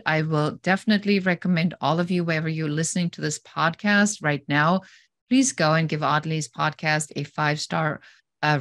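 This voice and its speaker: A woman with a low voice speaks as a podcast guest, recorded dry and close. She tells her advice through vivid, acted-out stories. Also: no echo. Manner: animated storyteller, acting out scenarios. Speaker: podcast guest, business growth advisor. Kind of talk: conversational interview.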